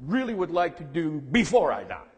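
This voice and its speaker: A man voicing his gruff 98-year-old grandfather, blunt and folksy, who talks in cliches, in a room with long reverb. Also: fairly high pitch, very animated, moderate pace, heavily acted. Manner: speaks in cliches and homespun sayings.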